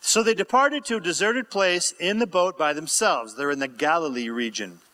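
A man's voice: a little high, normal speed, pushed and bright. A man preaching a sermon and reading scripture aloud with asides, prompting the congregation to call out answers. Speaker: pastor.

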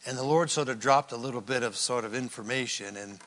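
A man preaching a sermon, telling the story with lively acted-out voices. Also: medium pitch, a little fast, big-room sound. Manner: animated storytelling, acts out quoted characters. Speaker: pastor.

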